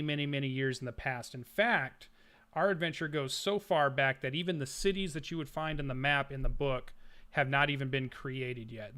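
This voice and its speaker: A man's voice: medium pitch, fairly bright tone. A man narrating a tabletop role-playing game as game master, setting scenes like camera shots, with frequent fillers and restarts.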